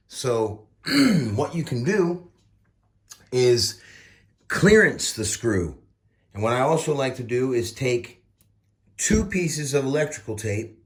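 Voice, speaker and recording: Host type: unhurried guy, folksy, playful asides, middle-pitched voice. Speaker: RC car builder, channel host. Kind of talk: casual build tutorial.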